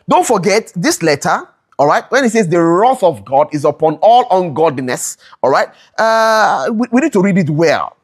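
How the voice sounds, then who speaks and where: A Bible study teacher who explains scripture, asks rhetorical questions, repeats them for emphasis, and keeps checking in with listeners. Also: mid-range voice. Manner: checks in with listeners, keeps asking "all right?"; corrects themselves mid-sentence.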